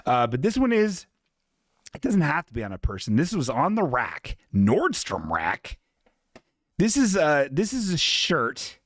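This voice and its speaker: A little high and fairly bright, his pitch swoops wildly while he keeps a measured pace. On his live podcast he reads chat messages in a loose, jokey way, swearing and doing silly voices for the people quoted, recorded dry in studio quality.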